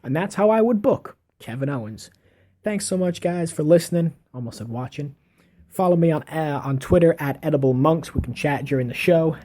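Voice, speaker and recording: A man's voice: fairly high pitch, expressive, warm tone. A man casually narrating a wrestling match play by play in an offhand way, correcting himself as he goes. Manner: unhurried, offhand storytelling with self-corrections. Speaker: wrestling fan recapping an imagined match.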